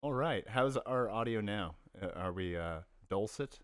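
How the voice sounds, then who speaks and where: A man's voice: lowish voice, normal speed, a bit bright, dry recording, studio quality. A man co-hosting a podcast livestream, welcoming listeners and joking sarcastically in casual chat. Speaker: podcast co-host.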